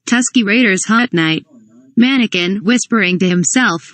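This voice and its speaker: A woman's voice: medium pitch, unhurried, fairly bright tone, no room sound. A woman reading a humorous fan script aloud, stage directions included, sometimes spelling words letter by letter. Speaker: reader of a fan parody script.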